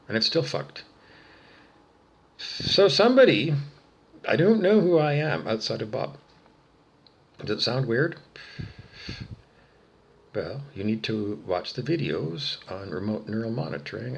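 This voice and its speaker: A man delivers a furious, profane solo rant to the camera. His voice sits low but swings widely in pitch, dropping to mutters and then bursting into shouts. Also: big pitch swings, unhurried, gravelly, long pauses, slight background noise. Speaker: vlogger.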